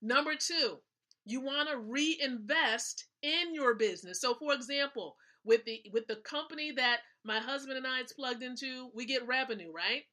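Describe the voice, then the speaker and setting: Her voice is a little high, pushed and bright as she hosts a live stream. The woman gives an emphatic motivational business talk, repeating her points and checking in with her listeners.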